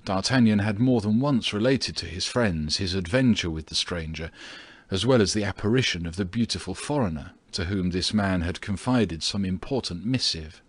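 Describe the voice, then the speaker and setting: A man narrating an audiobook with a steady, measured reading. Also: sits low, breathy edge, no room sound. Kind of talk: scripted narration.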